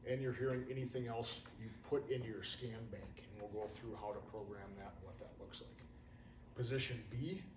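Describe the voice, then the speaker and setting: Folksy man teaching radios in an echoey room. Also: mid-range voice. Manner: casual, folksy, wanders into anecdotes. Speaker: radio trainer for firefighters. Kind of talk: hands-on training talk. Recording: roomy, distant, faint room hum.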